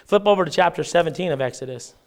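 A man preaching a sermon, reading scripture aloud and breaking off into lively casual asides and paraphrase. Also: fairly high pitch, fast talker.

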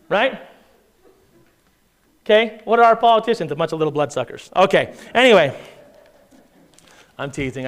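A man preaching a sermon in a conversational way, reading scripture aloud and often checking in with "right?". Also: on the high side. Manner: conversational preaching with frequent "right?" asides and restarts; reads scripture aloud in King James style. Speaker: pastor.

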